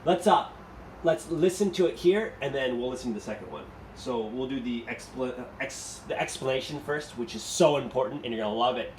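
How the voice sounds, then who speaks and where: A man's voice: mid-range voice, fairly quick. A male English teacher giving a recorded class lecture, explaining and rephrasing his points as he goes. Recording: echoey room with faint noise.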